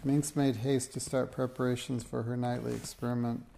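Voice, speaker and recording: A man narrating a children's storybook as an audiobook reading, in a steady, plain storytelling manner. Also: medium pitch, moderate pace, vocal fry.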